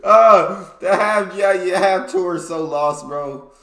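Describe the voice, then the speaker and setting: American man, reaction host, casual amused slang, bright voice, echoey room. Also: sits high, takes it slowly. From United States.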